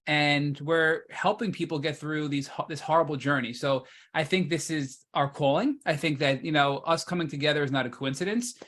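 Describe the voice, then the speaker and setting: A man's voice: fairly high pitch, fairly even intonation, normal speed, few pauses, fairly bright tone. A man co-hosting a podcast, speaking in a heartfelt, earnest way to his guest. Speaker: podcast co-host. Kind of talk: podcast interview.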